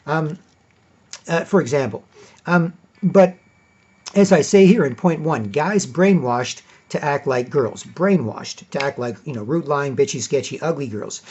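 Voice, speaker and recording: A man's voice: a little high, darkish tone, slightly rough. A man delivering a rambling, profane monologue, acting out the exchanges he quotes. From Canada. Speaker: commentator. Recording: dull lo-fi recording.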